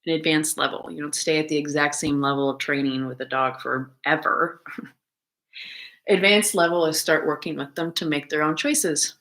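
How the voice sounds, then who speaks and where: Brief: lowish, bright-toned woman, dog trainer, loose, profane, think-aloud chat. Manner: rambling, swears freely, laughs often. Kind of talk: casual thinking-aloud monologue.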